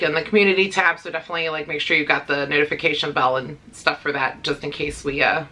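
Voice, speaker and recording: A woman's voice: on the low side, pushed and bright. A woman in her thirties talking casually to camera in a pet vlog, chatty and rambling, with fillers and small laughs. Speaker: pet vlogger.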